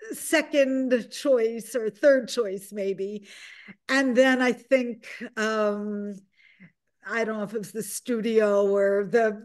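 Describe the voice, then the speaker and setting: Older woman director, rambling and thoughtful. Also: on the high side. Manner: meandering, with many fillers and restarts. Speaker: film director, guest. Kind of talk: reflective interview answers.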